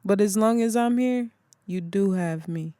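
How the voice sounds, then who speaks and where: A calm, motherly older woman offers soothing, assured counsel in an audiobook. She speaks slowly and warmly, with a mellow, close, dry sound, voiced by the reader. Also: mid-range voice, no room sound, lightly acted. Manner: soothing, assured, calls others child. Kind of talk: audiobook character voice.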